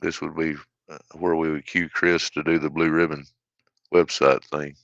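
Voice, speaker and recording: Man, very deep bright voice, halting casual chat, muffled dry recording. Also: little pitch movement, creaky, no echo. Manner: reads listener questions aloud, halting. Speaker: podcast guest. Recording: dull, dry lo-fi sound.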